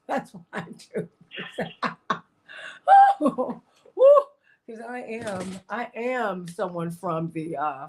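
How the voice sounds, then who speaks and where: Husky american woman host, chatty and emphatic, repeats herself, laughs a lot. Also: lowish voice, a little mellow. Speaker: talk show host. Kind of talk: casual talk show monologue.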